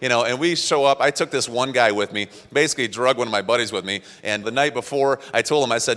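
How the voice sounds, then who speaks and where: Man, motivational speaker, quick delivery, bright tone, lively storytelling, reverberant hall. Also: mid-range voice. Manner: animated, acts out quotes, laughs at himself. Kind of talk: storytelling talk to an audience.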